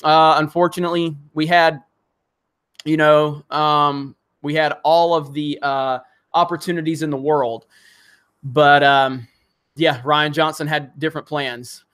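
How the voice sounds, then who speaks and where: A man with a slightly high voice hosts a casual live stream, reading viewer comments aloud. He talks in a rambling, frustrated way, full of restarts and fillers, and swears when he gets worked up. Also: level tone, measured pace, fairly bright tone, smooth.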